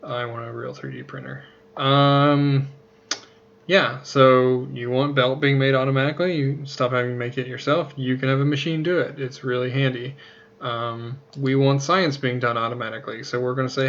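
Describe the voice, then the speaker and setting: A man's voice: medium pitch, normal speed, vocal fry, fairly bright tone, muffled recording. A man casually talking through a game tutorial, rambling, joking at his own expense and swearing now and then. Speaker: let's play host.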